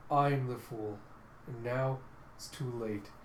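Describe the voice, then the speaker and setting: A man's voice: medium pitch, fairly even intonation, slow pace, slight background noise, natural voice. A man voicing a humble young male archer who speaks in a subdued, earnest way. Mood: remorseful. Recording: echoey room.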